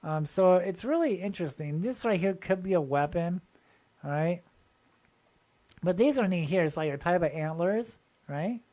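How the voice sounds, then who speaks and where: A man's voice: high voice, normal speed. Male channel host, eager and rambling, talks straight to viewers in a casual show-and-tell. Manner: excited, rambling, addresses viewers directly.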